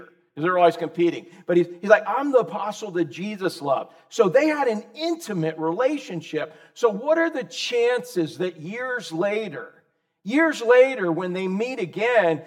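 High-voiced pastor with a drawl. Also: male voice. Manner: conversational, asks the congregation questions by name. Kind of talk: sermon.

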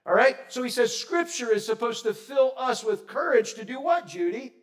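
A man preaching a sermon in a conversational way, quizzing the congregation and swinging between loud and soft. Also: extremely high pitch, animated, normal speed. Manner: asks the congregation questions. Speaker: pastor.

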